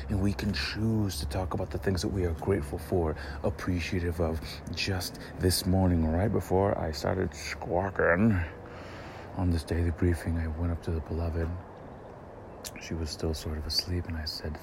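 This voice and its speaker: Deep-voiced, slow, preachy motivational man. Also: little pitch movement, noisy background. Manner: emphatic, preachy, swears, drops into dramatic whispers. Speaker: motivational vlogger. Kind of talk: hyped daily motivational briefing. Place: outdoors in cold weather.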